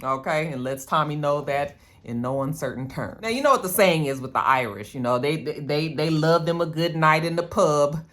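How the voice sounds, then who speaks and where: A reviewer giving a casual, slangy and profane recap of a TV episode, full of quick side comments. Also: medium pitch, a bit bright.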